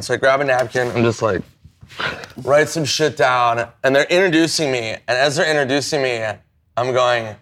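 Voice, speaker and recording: A man with an ordinary middle pitch telling a self-mocking story about a drunken night. He swears freely and plays out his own inner voices. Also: brisk, fairly bright tone. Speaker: comedian guest. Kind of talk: casual storytelling chat.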